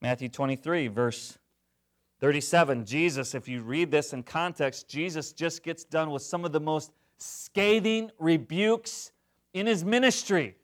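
A middle-aged man preaching a sermon, jokey and animated, swinging from loud to hushed. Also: a little high, measured pace. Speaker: pastor.

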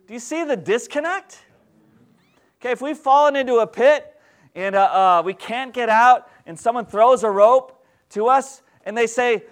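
A man preaching as pastor, teaching in a conversational, animated way and asking the congregation questions. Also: very high-pitched, normal speed. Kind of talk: sermon.

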